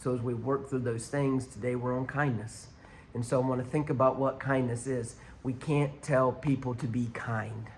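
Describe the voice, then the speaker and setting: A man's voice: mid-range voice, fairly even intonation, normal speed, slight background noise. A man preaching a conversational sermon to viewers watching online, speaking through a church sound system. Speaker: pastor.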